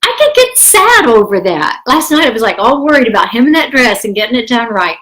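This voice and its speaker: A woman's voice: fairly high pitch, sing-song, brisk, fairly bright tone, poor audio. An older woman with a cold, talking candidly and encouragingly in a rambling, casual way as a health vlogger. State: has a cold, coughing. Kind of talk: casual talk to camera.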